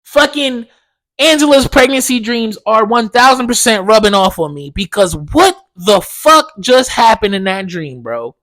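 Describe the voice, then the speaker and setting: A young man hosting a solo podcast, telling a story in a profane, animated way full of slang. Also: high voice, normal speed, hardly any pauses. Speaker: podcast host. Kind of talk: casual solo podcast monologue.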